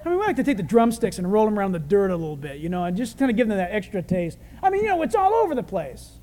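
Animated preacher with lively pitch. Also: male voice, racing, in a large hall. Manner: animated, conversational, humorous. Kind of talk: sermon.

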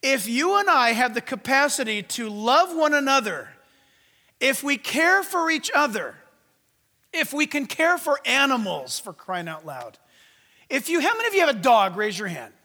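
A man preaching a sermon, swinging from loud commands to hushed asides. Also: very high-pitched, sing-song, normal speed, in a large hall. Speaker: pastor.

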